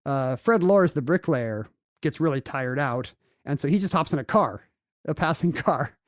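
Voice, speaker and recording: A man's voice: on the high side, animated, moderate pace, no echo, studio quality. A man co-hosting a podcast, joking and laughing often as he playfully retells history in casual chat. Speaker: podcast co-host.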